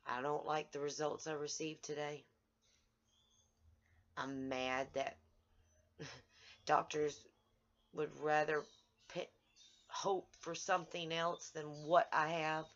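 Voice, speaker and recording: Woman, low voice, slow outraged video-diary rant, dull lo-fi audio. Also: flat delivery. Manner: angry, outraged, halting with restarts. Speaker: vlogger.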